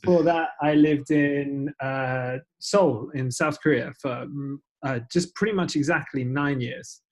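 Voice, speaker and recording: A man's voice: a little high, unhurried. A man with an English accent, chatting as a podcast guest in a self-deprecating way with many fillers. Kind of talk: casual interview chat.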